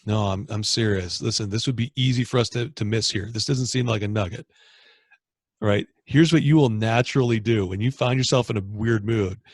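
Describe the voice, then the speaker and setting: A man's voice: on the low side, a little fast, no echo. A man from Canada hosting a training video call, coaching with energy and acting out inner thoughts. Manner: energetic, animated, acts out inner dialogue. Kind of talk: motivational coaching talk.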